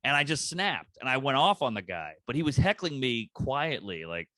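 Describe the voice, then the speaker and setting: A man's voice: medium pitch, normal speed, hardly any pauses, no room sound. A man, a comedian guest on a podcast, telling stories in casual chat and acting out the people he quotes in shifting voices. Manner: animated storyteller, acts out quotes in shifting voices. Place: comedy club green room.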